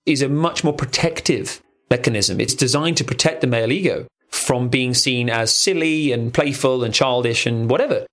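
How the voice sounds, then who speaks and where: A man co-hosting a podcast in a studio, a relationship coach who talks in an animated, playful and crude storytelling way. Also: mid-range voice, normal speed, few pauses. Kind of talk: casual podcast chat. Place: recording studio.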